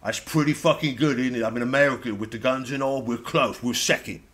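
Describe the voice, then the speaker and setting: A man's voice: mid-range voice, a little fast, a bit bright, lightly acted. Brief: male comedian as an Irish TV guest, sweary and rambling, mid-range voice. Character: ranting sweary Irish man on television. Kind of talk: satirical character monologue.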